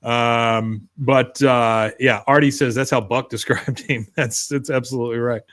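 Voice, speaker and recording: A man's voice: fairly even intonation, measured pace, a bit bright. Casual man recapping a cartoon episode. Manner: retells scenes, quoting characters with raised pitch. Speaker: podcast co-host.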